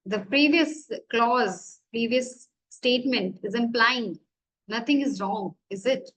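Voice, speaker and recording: Slow high-voiced Indian woman lecturing. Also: fairly bright tone, poor audio. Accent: Indian English. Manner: explains slowly, asks and answers her own questions. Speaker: college lecturer. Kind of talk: classroom grammar lecture.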